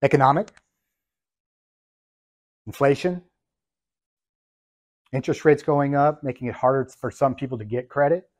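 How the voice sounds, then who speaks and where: A man, a business coach, lecturing business students in an emphatic, deliberate way, ticking through his points one at a time. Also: mid-range voice, dry recording.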